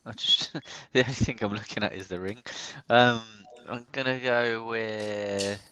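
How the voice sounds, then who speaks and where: A man's voice: lowish voice, fairly even intonation, measured pace, sharp tone, clean tone. A man answers quiz questions hesitantly, thinking aloud as he goes. The recording is dry, with no room echo. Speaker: quiz contestant. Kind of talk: casual banter.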